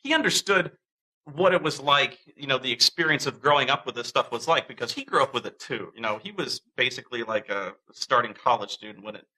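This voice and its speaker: Man, casual storytelling, animated, bright, acts out quotes. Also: mid-range voice, fairly quick, rough recording. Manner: animated, acts out quoted voices, many restarts. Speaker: interviewee.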